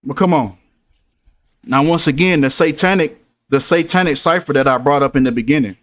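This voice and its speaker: A man talking to his viewers in a casual commentary, preachy and repetitive as he drives his points home. His voice sits a little high. The sound is close and dry. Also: fairly quick, no room sound. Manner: preachy, repeats himself for emphasis. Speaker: host.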